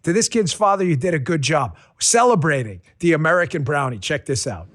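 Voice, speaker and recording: Lively, high-pitched joking male podcast host. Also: fairly quick. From New York. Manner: animated, joking, rambling asides. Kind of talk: casual political podcast talk.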